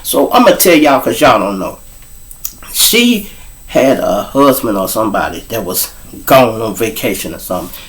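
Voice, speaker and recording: A man's voice: fairly low pitch, very animated, normal speed, a bit bright. A man from Chicago hosting his show, telling a story in a casual, profane style full of street slang. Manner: profane, street slang, addresses listeners as y'all. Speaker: host, storyteller.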